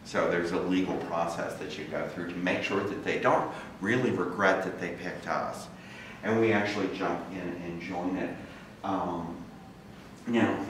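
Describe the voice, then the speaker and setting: A man with a fairly low voice speaks to a live audience in a casual storytelling style, slipping into quoted voices as he recounts events. He sounds distant from the microphone in a very echoey lecture room with faint background noise. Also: moderate pace, fairly bright tone. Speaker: guest speaker. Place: large campus lecture room.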